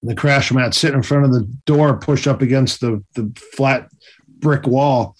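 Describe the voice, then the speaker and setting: Animated male storyteller. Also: mid-range voice, normal speed. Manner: animated, acts out quoted voices. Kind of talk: casual storytelling.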